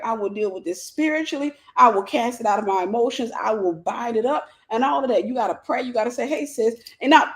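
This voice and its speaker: A Christian teacher and mentor, this woman gives a faith-based life lesson in a conversational style, using a mid-range, slightly mellow voice. She tells stories with playful asides and acts out different voices.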